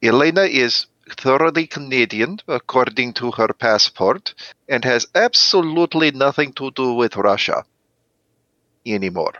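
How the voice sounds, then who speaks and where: A man introducing his character as a player on a tabletop game podcast, wry and quick. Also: medium pitch, expressive, bright, forceful tone, no echo, lo-fi sound. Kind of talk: casual chat.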